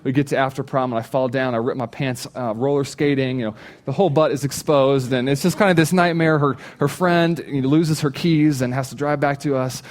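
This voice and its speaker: A man in his thirties, a pastor giving a sermon, telling a funny personal story and acting out his own shouts. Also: medium pitch, fairly even intonation, fairly quick, few pauses. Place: church stage.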